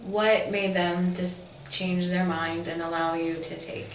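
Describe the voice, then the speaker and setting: A woman's voice: on the low side, level tone, unhurried, roomy sound, a little hiss or hum, low-quality recording. A woman interviewer asking direct, probing questions.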